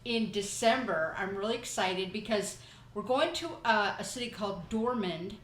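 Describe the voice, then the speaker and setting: A woman's voice: medium pitch, normal speed, fairly bright tone, reverberant, a little hiss or hum, poor audio. A woman hosting a podcast, talking in a chatty, rambling way and telling stories casually. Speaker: podcast host. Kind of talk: casual chat.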